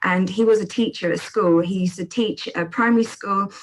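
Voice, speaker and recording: An Englishwoman in her thirties gives an animated testimony as an interview guest. She talks in a casual, heartfelt way at an ordinary middle pitch, and often slips into the voices of the people in her story. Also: moderate pace, a little hiss or hum, low-quality recording. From England. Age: 30s. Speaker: charity founder and guest.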